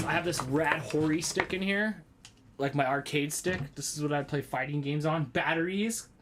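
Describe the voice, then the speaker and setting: A man's voice: a little high, background noise. A man in his thirties hosting a casual home livestream, rambling and chatting with viewers and often exclaiming as he goes.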